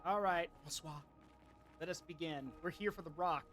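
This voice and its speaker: A man's voice: a little high, normal speed, fairly bright tone, faint music behind. A man streaming a video game in casual commentary, chatty and often bursting into laughter.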